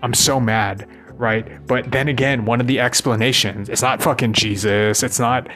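A man's voice: medium pitch, fairly even intonation, moderate pace, fairly bright tone, soft background music. A rambling, profane man venting. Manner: profane, ranting, keeps asking "right?". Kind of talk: rambling monologue.

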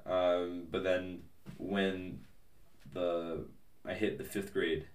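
A man's voice: deep voice, level tone, very slow, echoey room, distant mic. A young man as a podcast guest, chatting casually in a rambling, hesitant way with many fillers and restarts. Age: young adult. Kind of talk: casual interview chat.

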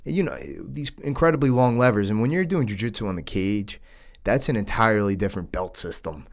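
A man in his late thirties with a lowish voice chats loosely on a podcast. He grew up near New York and peppers his stories with dude and man. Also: a little fast. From New York, United States. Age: 30s. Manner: easygoing, says dude and man often. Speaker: podcast host. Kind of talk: casual chat.

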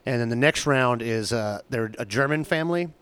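A man's voice: medium pitch, brisk, a bit bright, clean tone. A man in casual chat, a restaurant server, telling a wry, teasing story about a table of customers.

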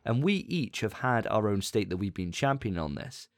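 A man hosting a podcast in casual chat, animated and often laughing. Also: lowish voice, dry recording, clean studio sound. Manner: animated, laughing, quick asides. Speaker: podcast host.

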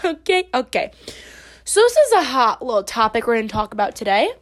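A tipsy young woman hosting a casual solo podcast, playful and self-mocking, swearing often and shifting between loud outbursts and mumbled asides. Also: a little high, big pitch swings, fairly quick. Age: young adult. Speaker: podcast host.

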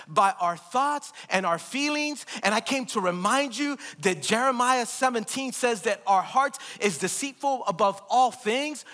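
A man's voice: high voice, bright, forceful tone. A man preaching a live church sermon, emphatic and repetitive, calling out to the congregation. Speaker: pastor. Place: church sanctuary. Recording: long hall reverb.

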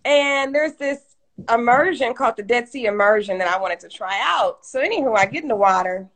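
Woman, high voice, animated storytelling, does voices for people in her stories, live stream chat. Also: a little fast. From Detroit, USA. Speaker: interview guest. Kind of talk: casual storytelling. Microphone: live stream call.

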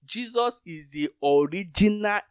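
A man's voice: high-pitched, expressive, measured pace, clear, resonant tone, dry recording, studio quality. A man co-hosting a Bible teaching talk, explaining scripture with everyday comparisons.

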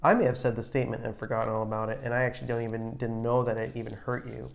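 A man's voice: medium pitch, little pitch movement, vocal fry. A middle-aged man co-hosting a podcast, talking earnestly about marriage with a lot of restarts. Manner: earnest, advising, halting with restarts. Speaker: podcast co-host. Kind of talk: casual chat.

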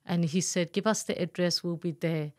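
In an interview, a woman who survived abuse tells her own story candidly and earnestly, acting out the voices of the people she quotes. This is emotional personal storytelling, delivered in a lowish voice with fairly even intonation at a normal speed.

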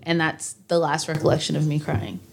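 A woman's voice: deep voice, little pitch movement, brisk, vocal fry, a little hiss or hum. A young woman co-hosting a podcast, chatting openly about her feelings, laughing often and joking about herself. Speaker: podcast co-host. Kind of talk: casual chat.

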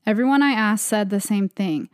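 Talking briskly at a medium pitch, a young female podcast co-host rambles through creepy stories in casual chat, peppering them with "like." The sound is studio quality, with no room sound.

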